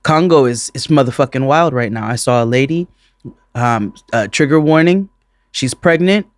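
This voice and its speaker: A man co-hosting a podcast in casual chat, animated and profane, often breaking into laughter. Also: mid-range voice, normal speed, no echo. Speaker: podcast co-host.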